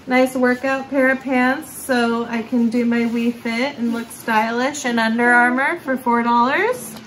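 A woman's voice: a little high, steady tone, unhurried, fairly bright tone, slight background noise, rough recording. A woman hosting a casual thrift-haul vlog, chatty and upbeat, laughing often as she shows her finds. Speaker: thrift vlogger and channel host. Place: thrift store, then a barn.

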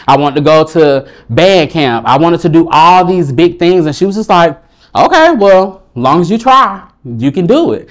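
A young man from Alabama with a Southern accent, giving a personal storytelling speech in an animated, playful way. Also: moderate pace. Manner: animated and playful, swings into high excited bursts. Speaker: motivational speaker.

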